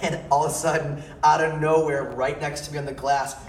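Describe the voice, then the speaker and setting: A man from the countryside, a convention panel guest, telling playful, animated stories and laughing through them. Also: on the high side, fairly quick. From rural area. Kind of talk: animated storytelling at a fan panel. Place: large convention hall. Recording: echoey hall from far off, loud crowd noise.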